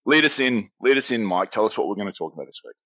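An Irish man co-hosting a podcast, teasing the others in quick, witty casual chat. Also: on the low side, expressive, a bit bright. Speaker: podcast co-host.

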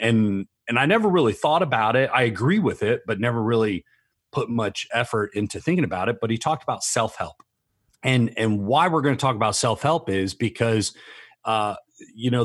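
Middle-aged guy, low husky voice, teasing and punchy, dry close mic. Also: no room sound. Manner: playful, teasing, emphatic. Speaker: podcast co-host. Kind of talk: casual chat.

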